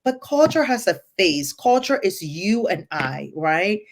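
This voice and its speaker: A woman's voice: medium pitch, very animated, unhurried. A woman co-hosting a podcast, speaking earnestly and emphatically, often checking in with "right?". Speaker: podcast co-host. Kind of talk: earnest conversational podcast talk.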